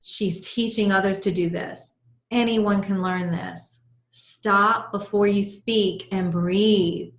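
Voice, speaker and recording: A woman's voice: medium pitch, fairly even intonation, slow pace. A middle-aged woman teaching an online class as a life coach, guiding listeners through breathing and telling personal stories in an earnest way. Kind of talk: live video-call class talk. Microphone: video call. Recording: roomy video-call audio.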